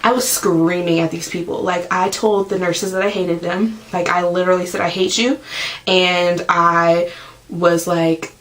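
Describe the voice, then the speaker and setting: A young woman talks to her camera in a loose, chatty vlog. She leans on "like" constantly and jumps into loud bursts when she acts out her own screams. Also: fairly low pitch, flat delivery, poor audio. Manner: chatty, fills every pause with "like". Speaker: vlogger. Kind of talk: casual storytelling to camera.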